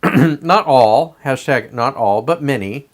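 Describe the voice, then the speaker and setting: A man's voice: mid-range voice, expressive, takes it slowly. A man hosting a show, delivering a blunt, profanity-laced political commentary monologue. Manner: profane, emphatic ranting. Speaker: podcast host.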